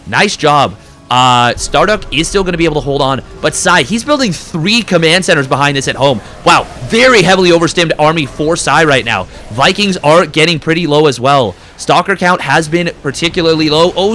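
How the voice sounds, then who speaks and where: A man doing live game commentary as a caster, excitable and breaking into quick bursts during fights. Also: medium pitch. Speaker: esports caster.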